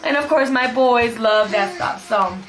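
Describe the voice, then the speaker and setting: In a casual book review vlog, a homeschool mom talks happily about her favorite picture books, repeating "super cute" in her chatty, upbeat way. Her voice is a little high and unhurried, against a noisy background.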